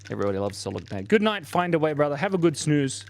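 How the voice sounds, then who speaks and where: A man's voice: fairly high pitch, very animated, fast talker, creaky, a little hiss or hum. Playful man in his forties streaming. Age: 40s. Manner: playful and goofy, chatting to viewers. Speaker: livestream host. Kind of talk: casual livestream chat while drawing.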